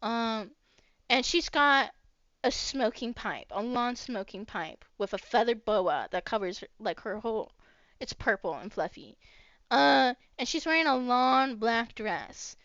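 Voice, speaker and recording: A high, bright woman's voice narrating a tabletop game at an unhurried pace, with plenty of ums along the way. The sound is dry, close and a little dull and lo-fi, like a home stream mic. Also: expressive, no echo. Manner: unhurried, many fillers. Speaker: game master.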